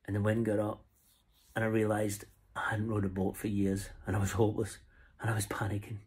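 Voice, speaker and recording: A man's voice: lowish voice, darkish tone, breathy edge. A middle-aged man with a Scottish accent, chatting casually to camera about flies he ties and sells, in a rambling, jokey way. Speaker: fly tier and seller. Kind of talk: casual vlog talk to camera. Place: camping on the road.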